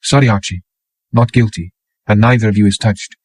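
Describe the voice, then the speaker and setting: A man reading an audiobook, voicing a blunt, caring young woman who talks in a brisk, chiding way. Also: on the low side, fairly even intonation, darkish tone, no room sound, close to an everyday voice. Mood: earnest.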